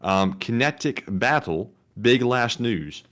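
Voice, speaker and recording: A male co-host reading viewer messages on a live stream in a medium-pitched voice. He sounds relaxed and a little hesitant, with some fillers between phrases. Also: slow. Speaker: co-host reading super chats. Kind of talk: casual live-stream chat.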